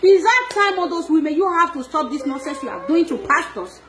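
Nigerian Pidgin woman, high voice, animated gossip vlogger, laughs and scolds often. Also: brisk, slight background noise. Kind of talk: casual gossip monologue.

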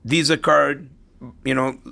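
A man's voice: a little high, little pitch movement, takes it slowly, creaky, bright, forceful tone. A middle-aged man, a podcast guest, chatting casually and telling anecdotes to make his points, often repeating and restarting words. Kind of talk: casual interview storytelling.

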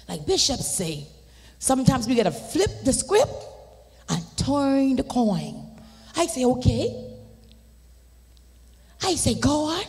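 A Bahamian woman giving a fervent testimony during a church service, swinging between shouted declarations and hushed whispers in a preacherly cadence. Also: high voice, big pitch swings, takes it slowly, pauses often, husky. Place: large church sanctuary. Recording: church livestream with long hall reverb.

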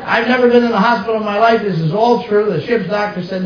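A brash middle-aged stand-up comedian from New Jersey performs on a comedy stage before a live audience, telling stories with punchy asides. His voice sits high and moves quickly, and the echoey, distant, muffled live-room recording has a little hiss or hum.

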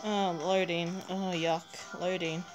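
A woman giving a live, excitable reaction commentary while pulling cards in a mobile game, gushing and laughing. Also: lowish voice, takes it slowly. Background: game music.

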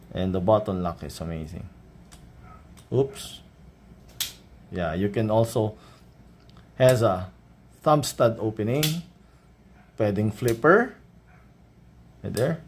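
A Filipino-accented man with a fairly low voice talks through an unboxing at an unhurried pace. He keeps it casual and easygoing, checking in with his viewers with a questioning "right?" as he shows off each detail. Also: a little hiss or hum. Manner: relaxed show-and-tell, often adds a questioning "right?". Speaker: knife reviewer.

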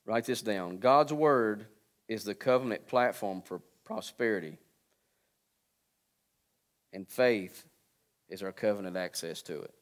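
A pastor in his forties preaches unhurriedly with long pauses, joking with the congregation and calling out to them. He swings between quiet, low asides and loud, high preaching.

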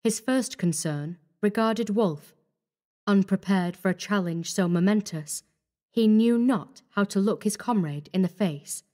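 A woman narrating a horror story in a measured, grave manner. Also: mid-range voice, mellow.

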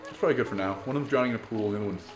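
A man's voice: on the low side, very fast, roomy sound. A young man doing casual let's-play commentary, joking and chatting to the game characters. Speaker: gameplay commentator. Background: game music.

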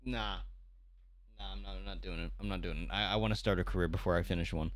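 A young man streaming his reactions to online videos, talking casually, animated and swearing freely. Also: low voice, fast talker, no echo. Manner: animated, swears a lot, restarts mid-thought.

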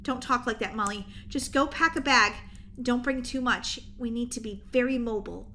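A woman voicing a calm, sensible mother who speaks in a steady, practical way, over faint background noise. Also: on the high side, moderate pace, voice pushed down. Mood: firm.

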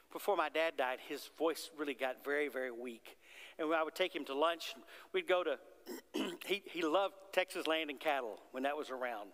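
A man's voice: on the high side, animated, normal speed, a bit bright. A man preaching a sermon as pastor, in a conversational way, often asking the congregation questions. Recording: long hall reverb.

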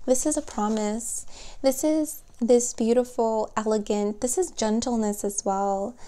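A woman giving a spoken tarot reading, gentle and emotional, speaking softly and warmly to her viewers. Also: fairly high pitch, steady tone. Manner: slow, soft, gentle and emotional. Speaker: tarot reader.

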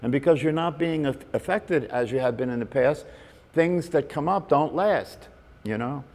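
A man's voice: a little high, normal speed, gravelly, darkish tone. A man giving a conversational meditation talk to a group, often checking in with "right?" and "you know". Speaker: meditation teacher. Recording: long reverb in a hall.

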